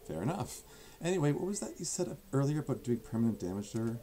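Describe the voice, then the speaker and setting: A man voicing a blunt young male protagonist in a fan-made visual novel, speaking in his own low, dry voice. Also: very animated, quick pace, warm tone, a little hiss or hum.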